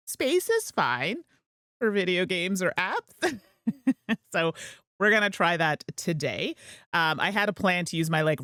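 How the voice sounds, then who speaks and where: A woman's voice: low-pitched, fairly bright tone, no room sound, clean studio sound. A woman hosting a gameplay livestream, chatting in a rambling way and laughing easily. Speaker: host and streamer. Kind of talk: casual gameplay livestream chat.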